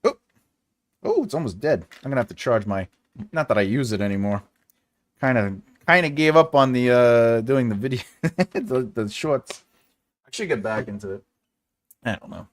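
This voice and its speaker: A man hosts a relaxed live stream for a writing channel, his mid-range voice expressive at normal speed with frequent pauses. He reads viewers' comments and chats playfully and ramblingly, repeating phrases for fun.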